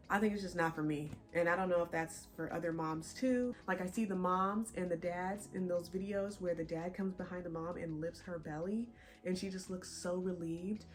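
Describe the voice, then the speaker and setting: A young woman vlogger chatting casually to her viewers, a bit out of breath and animated. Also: on the low side. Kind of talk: casual chat to camera.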